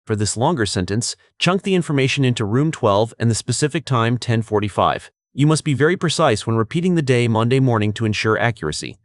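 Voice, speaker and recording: A man reads test-prep coaching from a script in a clear, measured voice. His pitch sits at an ordinary middle for a man, and the sound is dry with no room echo. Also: lively intonation. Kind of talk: scripted instructional narration.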